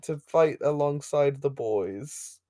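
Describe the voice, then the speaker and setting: A man's voice: fairly high pitch, takes it slowly, warm tone, no room sound, clean studio sound. Rambling, laughing man on a podcast. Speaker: podcast co-host recapping an episode. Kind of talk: casual chat.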